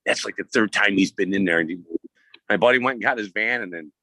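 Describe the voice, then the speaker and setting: A man with a very low but bright, forceful voice tells a laid-back story. The sound is close and dry. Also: quick pace, no echo. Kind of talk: casual chat.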